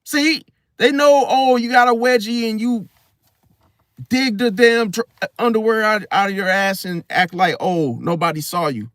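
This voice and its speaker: A man's voice: high voice, moderate pace, no room sound. A man hosting an astrology channel, telling rambling stories in casual slang, recorded close and dry. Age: adult, once married. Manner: slangy, rambling, animated storyteller. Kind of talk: casual storytelling monologue.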